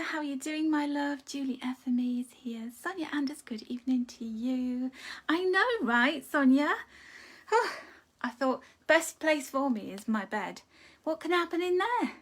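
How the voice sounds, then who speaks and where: A woman hosting a live card-reading stream from home, chatting casually and greeting viewers with endearments like darling. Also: high-pitched. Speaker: card reader hosting a livestream. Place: home room.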